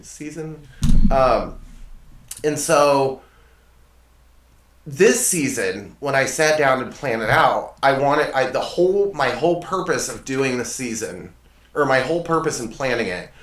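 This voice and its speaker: A man's voice: medium pitch, a bit bright. A man hosting his own show, telling stories in a rambling, self-correcting, self-deprecating way at his desk. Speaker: show host. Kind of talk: casual monologue storytelling. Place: desk in a home studio. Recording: echoey room, mic at a distance.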